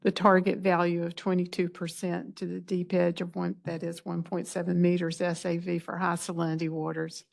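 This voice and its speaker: Gravelly, flat-voiced woman commissioner. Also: on the low side. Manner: deliberate, searching for words. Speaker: commission member. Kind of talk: questioning at a public meeting.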